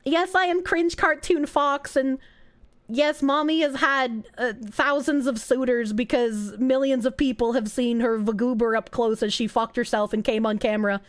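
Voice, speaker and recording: A young woman with a Boston accent, streaming and chatting casually with her live chat, her voice a little rough from being sick, swearing and often breaking into high squeals. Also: normal speed. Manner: animated, swearing, frequent laughter, jumps to high squeals.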